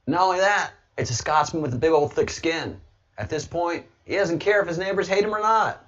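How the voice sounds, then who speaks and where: A man talking casually on his livestream, rambling and now and then breaking into loud, excited bursts. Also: a little high, brisk, dull audio. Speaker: livestreamer, political commentator.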